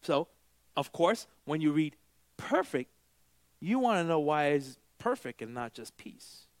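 Man, pastor, middle-aged, sermon, high voice, lively swings between loud and quiet. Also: unhurried. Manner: animated preaching, swings between loud emphatic and quiet asides.

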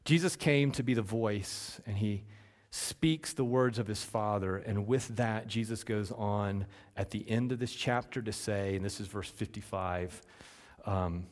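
A male pastor preaching a sermon, asking rhetorical questions and swinging between loud emphasis and hushed, slowed lines. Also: on the low side. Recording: long reverb from a large hall.

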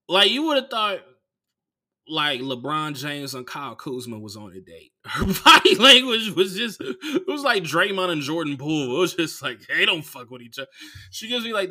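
Male comic from Oakland, sharp bright voice, loose profane storyteller who acts out every character. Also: on the high side. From Oakland, California. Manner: rambling, swears a lot, acts out other people. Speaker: comedian podcast host.

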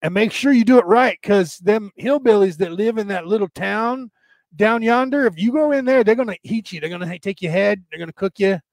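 A sly country gas station man drawls his directions in a thick Southern accent, put on by a man. His voice sits high and the delivery is slow and mocking. The recording is dry and close. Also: no room sound. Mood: teasing.

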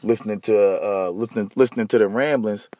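A man's voice: on the low side, brisk, mellow, a little hiss or hum. A man hosting a solo podcast, ranting bluntly and profanely while talking straight to his listeners. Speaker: podcast host.

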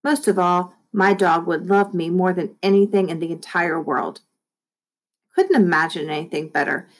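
A woman teacher reading a children's book aloud, speaking to the kids in a friendly, expressive way. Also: fairly low pitch, moderate pace. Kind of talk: read-aloud storybook narration for children.

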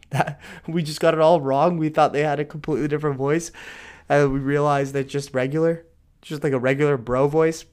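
A man in his twenties giving casual solo commentary on news stories, profane and ranting, swinging between low muttering and sudden outbursts. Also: steady tone, fairly quick, a little mellow, clean tone. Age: 20s.

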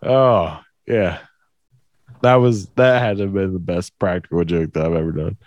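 A man telling a story in casual chat, animated and profane, often laughing. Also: deep voice, normal speed, dry recording, muffled recording. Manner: animated, profane, laughs through his stories.

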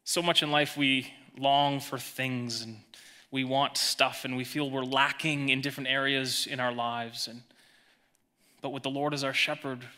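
Male pastor, sermon delivery, very bright tone, emphatic with hushed drops. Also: mid-range voice, little pitch movement, unhurried. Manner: emphatic, swings between raised emphasis and hushed lines.

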